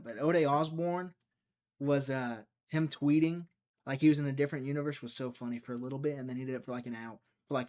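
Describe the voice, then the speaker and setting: A young man from Mississippi, rambling and joking as he hosts a casual live stream and answers chat. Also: a little high. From Mississippi, USA. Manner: rambling, jokey, reads and answers chat aloud.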